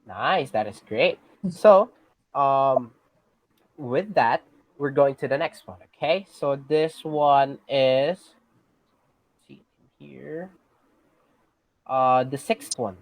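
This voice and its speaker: A teacher with a Filipino accent giving a class lesson, patiently checking in with students and pausing on fillers. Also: medium pitch, no room sound, rough recording. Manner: patient, checks in with "okay?" often; hesitant, many fillers and restarts.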